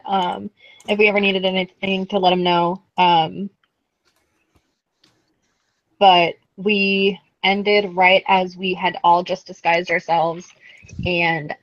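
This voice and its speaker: Rambling woman player, low voice. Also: flat delivery, slow, long pauses, no room sound, dull audio. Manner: rambling, lots of "um" and "like". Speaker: player recapping the last session. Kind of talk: casual chat.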